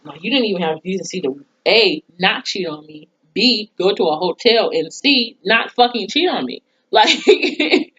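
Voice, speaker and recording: A woman's voice: medium pitch, lively intonation, normal speed, hardly any pauses, a bit bright, husky. A woman reviewing a TV episode in a casual recap, blunt and profane, often laughing as she talks. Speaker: TV show reviewer. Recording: dull lo-fi sound.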